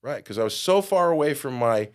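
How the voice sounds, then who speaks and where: A middle-aged man telling a personal story in a podcast interview, acting out quotes and getting loud at the big moments. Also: medium pitch, a little fast. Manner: animated storyteller, acts out quotes with big jumps in loudness. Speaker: guest.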